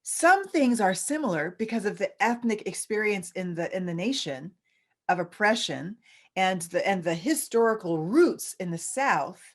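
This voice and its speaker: A woman's voice: mid-range voice, lively intonation, moderate pace. Earnest woman teaching a church group. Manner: earnest, conversational teaching with restarts and emphatic repetition. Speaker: visiting scholar and speaker.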